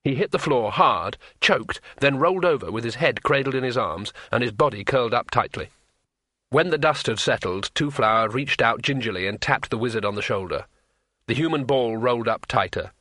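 A man narrating a comic fantasy novel in a measured, wry storytelling manner, close to the mic. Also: mid-range voice, animated, sharp tone, dry recording. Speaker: audiobook narrator.

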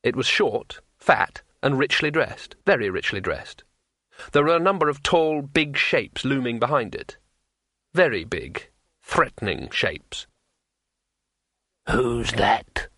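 A man reading a fantasy audiobook in a measured, unhurried way. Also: medium pitch, big pitch swings, sharp tone, no echo, clean studio sound. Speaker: narrator.

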